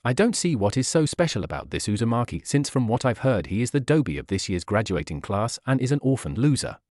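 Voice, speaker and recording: A man's voice: medium pitch, big pitch swings, fast talker, darkish tone, no echo, clean studio sound, lightly acted. A man reading aloud as a haughty, arrogant teenage boy prodigy in a fan story. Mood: sneering. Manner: sneering, condescending.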